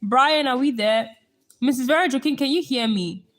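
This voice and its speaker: A woman's voice: high voice, moderate pace, a little hiss or hum. A young woman hosting a casual live stream, chatting with viewers and laughing often. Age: young adult.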